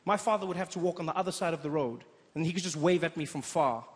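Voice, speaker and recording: A young South African man doing stand-up, telling stories in an animated way and slipping into voices. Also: on the high side, fast talker. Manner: animated storytelling, jumps into voices. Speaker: stand-up comedian. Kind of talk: stand-up comedy. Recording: reverberant hall with background noise.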